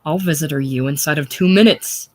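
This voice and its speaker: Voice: medium pitch, brisk, dry recording, close to an everyday voice. A reader voicing a burly, drunken male smith who threatens in coarse dialect. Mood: threatening.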